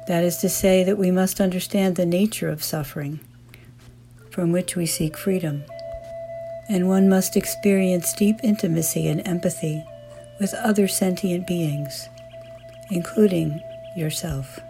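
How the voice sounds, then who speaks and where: A woman teacher leading a guided meditation, speaking softly and soothingly. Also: lowish voice, fairly even intonation, music in the background. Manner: slow, soft and soothing.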